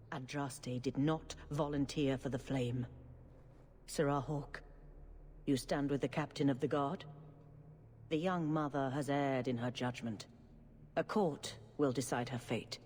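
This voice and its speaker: An actress playing a calm, wise older church leader in a video game, speaking in a measured, gently authoritative way. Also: female voice, a bass voice. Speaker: grand cleric character. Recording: long reverb with faint noise.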